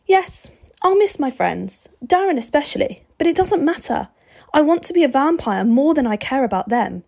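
A woman voicing a defiant, volatile young boy in a storybook reading, his voice high and intense. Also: sing-song, normal speed, gravelly, warm tone, heavily acted.

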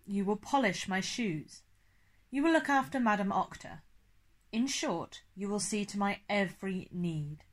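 A woman reading aloud performs a stern, ancient male vampire with a formal, clipped way of speaking, laying out terms in an even, commanding tone. The voice sits at a middle pitch for a woman and stays measured in its storybook telling. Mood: explaining. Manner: stiff, precise, no contractions. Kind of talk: audiobook reading.

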